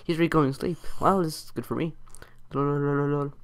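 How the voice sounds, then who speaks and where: A man giving casual, excitable gameplay commentary as a channel host, chatting to his teammate and taunting opponents as he plays. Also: on the high side, fast talker. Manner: excitable, chatty, talks to his teammate and foes while playing.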